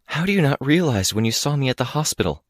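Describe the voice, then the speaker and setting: A man's voice: medium pitch, sing-song, quick pace, dry recording, studio quality, pitched above the performer's own voice. A man reading an audiobook, voicing a distraught young woman who speaks in a strangled, breathless whisper, bitter and accusing.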